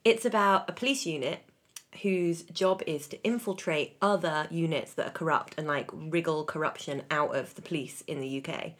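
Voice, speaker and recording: A woman's voice: sits low, moderate pace. A woman from the West Country of England with an English accent, co-hosting a podcast in chatty, teasing banter. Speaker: podcast co-host. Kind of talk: casual chat.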